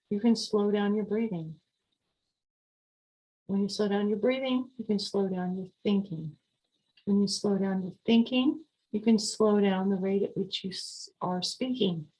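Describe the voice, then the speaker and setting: Calm, coaching woman podcast host. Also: medium pitch, low-quality recording. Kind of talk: calm podcast talk on sleep and mindfulness.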